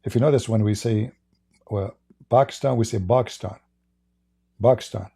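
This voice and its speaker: Hosting live-stream debate commentary, a Christian apologist with an Arabic accent speaks emphatically, peppering his audience with rhetorical questions. His mid-range voice is gravelly and dark, steady in tone and fairly quick.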